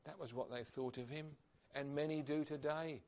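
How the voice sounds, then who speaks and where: A man's voice: a little high, steady tone, moderate pace, darkish tone, a little hiss or hum. A man preaching a sermon, earnest and emphatic, asking rhetorical questions of his congregation.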